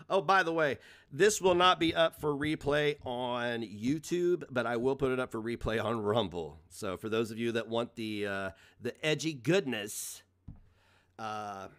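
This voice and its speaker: A male streamer on a loose, profane rant, laughing at his own jabs as he goes. His pitch swings widely from low mutters to sharp high bursts. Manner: mocking, laughs often, swears freely. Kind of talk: casual live-stream rant.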